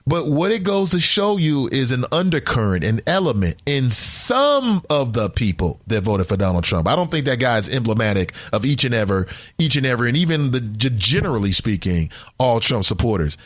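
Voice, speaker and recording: A man's voice: mid-range voice, big pitch swings, brisk, few pauses, dry recording, clean studio sound. A man hosting a talk podcast, delivering an emphatic, opinionated monologue and repeating lines for effect. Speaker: podcast host.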